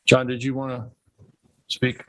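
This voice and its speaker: A man's voice: mid-range voice, monotone, unhurried, noisy background. A man chairing a town board meeting, speaking hesitantly with fillers and restarts.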